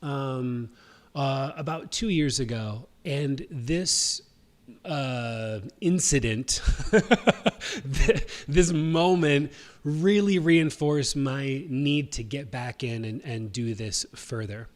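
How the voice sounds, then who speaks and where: A man in his thirties hosts a casual live stream. His voice sits at an average pitch, and his talk wanders with frequent fillers and restarts. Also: very slow. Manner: rambling, full of fillers and restarts. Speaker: host.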